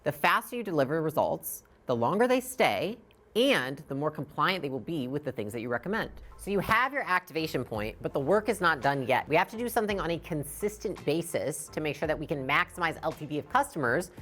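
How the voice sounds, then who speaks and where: A woman in her thirties giving blunt, emphatic business advice, swearing freely as she talks. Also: on the low side. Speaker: business educator. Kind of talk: direct business talk to camera.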